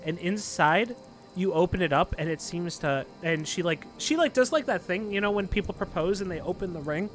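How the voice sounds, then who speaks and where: A man's voice: high-pitched, animated, fairly quick, faint music behind. A man narrating as dungeon master of a tabletop game, rambling with many fillers.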